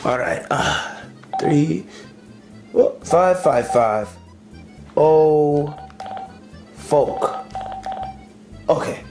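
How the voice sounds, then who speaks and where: A man voicing a slow, muttering schemer. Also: a little high, lively intonation, a little mellow, faint music behind, full character voice. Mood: scheming. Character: scheming male puppet looking for a hitman.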